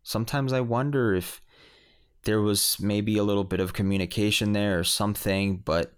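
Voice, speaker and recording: A man's voice: lowish voice, fairly even intonation, normal speed, clear, resonant tone. A man casually telling a personal story on a podcast, rambling with many restarts and fillers.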